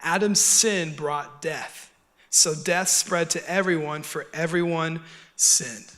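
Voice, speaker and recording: Earnest, high, bright-voiced male pastor. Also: takes it slowly. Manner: earnest, conversational preaching with soft, quiet stretches. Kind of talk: sermon. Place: church auditorium.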